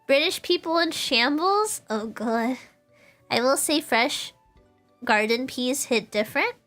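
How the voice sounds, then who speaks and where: A woman streaming from home, chatting in a playful, rambling way with plenty of laughs. Her voice is bright and sits a little high. Soft music plays quietly behind her. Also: animated, measured pace. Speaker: vtuber streamer. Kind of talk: casual chat with stream chat.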